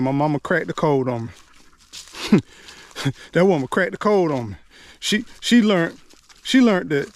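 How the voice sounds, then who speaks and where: A man telling a personal childhood story in an earnest, repetitive, informal way. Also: high-pitched. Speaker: speaker sharing life lessons.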